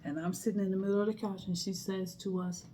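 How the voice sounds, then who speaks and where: A woman's voice: medium pitch, flat delivery, fast talker, dark tone, slight background noise. A middle-aged woman casually telling a personal story in a chatty way, acting out the people she quotes. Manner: chatty, acts out quoted people, laughs between lines.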